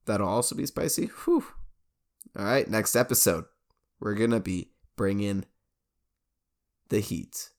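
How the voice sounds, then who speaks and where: A man with a fairly low voice co-hosting a podcast in loose, casual chat. He laughs easily and hypes up the upcoming segments. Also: expressive, measured pace, pauses often. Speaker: podcast co-host.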